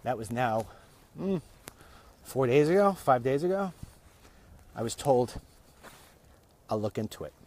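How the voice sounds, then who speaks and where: A man's voice: mid-range voice, expressive, measured pace, pauses often, darkish tone. Rambling man talking on a walk. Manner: rambling, restarts and repeats words. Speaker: vlog host. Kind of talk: casual walk-and-talk monologue. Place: walking outdoors.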